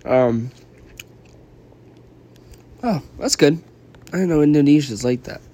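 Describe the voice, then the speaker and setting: A man's voice: a little high, expressive, slow pace, warm tone. Rambling young man with a cold. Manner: meandering, apologetic, lots of ums. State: has a cold, yawning. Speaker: vlogger and podcaster. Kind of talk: casual rambling chat.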